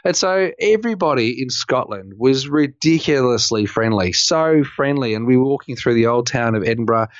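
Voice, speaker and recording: A man's voice: medium pitch, moderate pace, few pauses, dry recording. Man telling stories, dry muffled sound. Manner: animated, rambling, exasperated humor. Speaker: podcast co-host. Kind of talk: casual storytelling chat. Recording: dry, slightly muffled recording.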